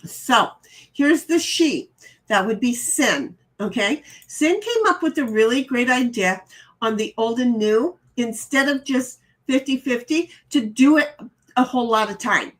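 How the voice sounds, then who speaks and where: A middle-aged woman with a fairly high voice hosts a relaxed live stream. She reads chat messages out loud and riffs on them, often stumbling and restarting her sentences in a chatty way. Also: measured pace. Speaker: streamer host reading chat.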